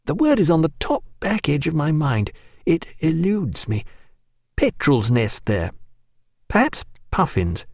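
A man voices a courteous gentleman who speaks in long, elaborately polite sentences. The lines rise and fall with feeling, and the recording is dry and close. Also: a little high, sing-song, unhurried, gravelly, dry recording, pitched above the performer's own voice, exaggerated voice. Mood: musing. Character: courteous male ship's surgeon, gentleman.

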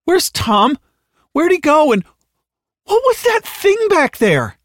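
A man voicing a distraught, weepy civilian woman who asks frantic, high, pleading questions in an audiobook. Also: huge pitch swings, takes it slowly, no room sound, clean studio sound, exaggerated voice. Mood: panicked. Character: urgent frightened civilian woman.

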